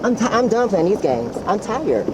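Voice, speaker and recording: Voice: medium pitch, big pitch swings, normal speed, over a noisy crowd. A detainee arguing angrily with police, repeating oaths over and over. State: agitated. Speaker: person being detained. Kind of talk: heated argument with police. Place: outdoors at a hotel. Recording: noisy police camera footage.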